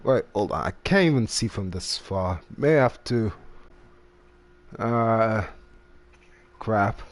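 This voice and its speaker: Slow, rambling young man gamer. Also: lowish voice, lively intonation. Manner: slow, rambling, trails off while browsing menus. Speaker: gaming channel host. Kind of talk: casual gaming podcast chat.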